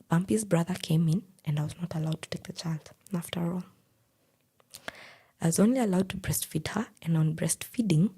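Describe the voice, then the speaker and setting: Husky, gravelly Kenyan woman storyteller. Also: lowish voice, dark tone. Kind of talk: personal storytelling.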